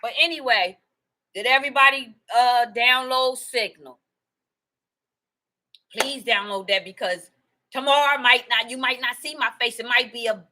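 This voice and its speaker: A woman in a casual, rambling monologue to her viewers, animated and emphatic, often repeating herself. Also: a little high, a little hiss or hum, rough recording. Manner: animated and excitable, laughing and emphatic; rambling storytelling with repetition. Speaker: video host.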